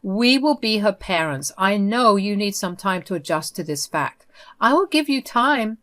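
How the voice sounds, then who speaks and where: A woman's voice: medium pitch, expressive, moderate pace, fairly bright tone, lightly acted. A woman voicing an unhinged, possessive sister-in-law who speaks in a defiant, dismissive way.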